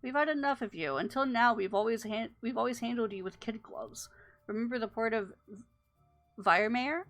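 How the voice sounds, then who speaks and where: A woman's voice: fairly high pitch, a little fast, fairly bright tone, soft background music. A woman reading stern threatening crook brothers. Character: hostile band of male crook brothers. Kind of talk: reading game dialogue aloud.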